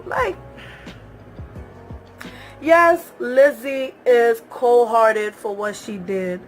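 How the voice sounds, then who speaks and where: A woman's voice: fairly high pitch, very slow, pauses often, faint music behind. A young woman talking straight to her viewers in a casual, emphatic recap, repeating phrases for effect. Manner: talks straight to viewers, calls them y'all. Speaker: reality show recap vlogger.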